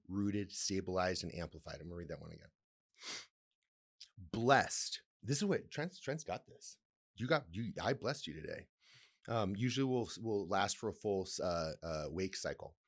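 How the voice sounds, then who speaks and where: A man hosting a solo podcast, reading text aloud and breaking off to comment, laugh and swear in a playful, rambling way. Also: fairly low pitch. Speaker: podcast host. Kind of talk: casual solo podcast talk.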